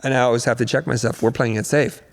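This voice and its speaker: A man's voice: medium pitch, quick pace, vocal fry, big-room sound. A middle-aged man, a guest coach on a podcast, telling stories animatedly and acting out quotes. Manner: animated storyteller, acts out quotes. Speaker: guest, creative business coach. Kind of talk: podcast interview storytelling.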